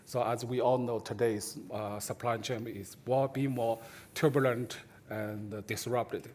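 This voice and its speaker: A man moderates a panel discussion at a conference. He speaks haltingly and restarts words as he goes. His voice sits at a middle pitch. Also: steady tone, a little mellow, a little hiss or hum. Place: conference stage.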